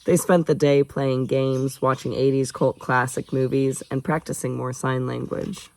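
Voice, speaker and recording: A man's voice: medium pitch, level tone, a little slow, gravelly, a little mellow, low-quality recording. A man reading a novel aloud in a casual way, stopping for chatty asides and laughing off his own slips. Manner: chatty asides, jokes about own stumbles. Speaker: audiobook reader.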